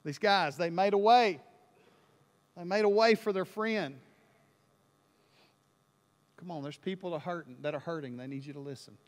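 High voiced guy preaching, animated story, gets loud n emphatic, long hall echo. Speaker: pastor. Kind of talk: sermon with storytelling.

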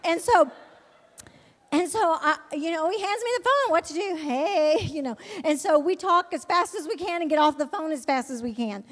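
A woman from Alabama telling a lively testimony as a missionary, laughing often and acting out the people she quotes. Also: extremely high pitch, moderate pace. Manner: animated, laughs often, acts out quoted voices. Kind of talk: storytelling testimony to an audience. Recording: long hall reverb.

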